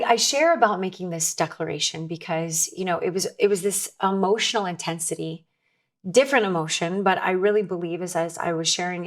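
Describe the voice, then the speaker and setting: A woman guest telling a personal story in an earnest, candid way, often restarting her sentences. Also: on the low side. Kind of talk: conversational storytelling.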